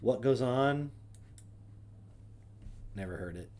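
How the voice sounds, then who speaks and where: A man's voice: mid-range voice, animated, slow pace, darkish tone. A man hosting a casual solo stream, reading names aloud and adding wry, offhand asides. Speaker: streamer host.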